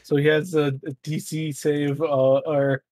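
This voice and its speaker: A man's voice: a little high, little pitch movement, a little slow, darkish tone, slight background noise. A man playing in a tabletop game, hesitant and trailing off while he decides. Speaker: player.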